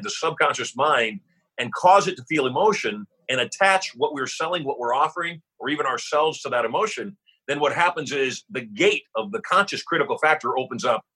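A man's voice: mid-range voice, pushed and bright, slightly rough. A man speaking as a podcast guest, telling stories and giving motivational advice with emphatic, punchy repetition. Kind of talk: motivational storytelling.

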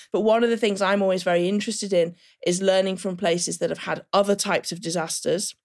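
English woman explaining, measured and steady. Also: mid-range voice. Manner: measured, explanatory, with frequent "uh" fillers. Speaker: guest expert on disaster planning. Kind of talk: podcast interview.

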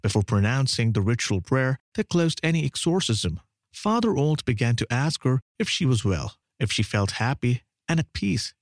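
A man giving a dramatic documentary narration in an expressive, swooping delivery. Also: mid-range voice, moderate pace, no echo, clean studio sound.

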